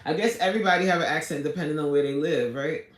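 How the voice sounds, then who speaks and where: A woman's voice: low-pitched, fast. A fitness coach, chatting casually on a live stream as she reads viewer comments and answers them. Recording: echoey room.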